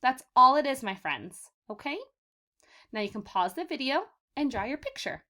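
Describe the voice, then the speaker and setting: A woman teacher leading a vocabulary lesson for young children, sounding out words slowly for them to repeat and calling them "my friends.". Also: sits high, sing-song, bright, forceful tone. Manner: slow, exaggerated word modeling for repetition; encouraging, addresses children as "my friends".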